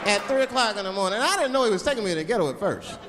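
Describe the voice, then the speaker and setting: A man doing stand-up comedy in front of a live audience, telling stories in a conversational, expressive way. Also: sits high, very fast, a crowd in the background. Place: theater stage before a live audience. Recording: reverberant hall, audience noise.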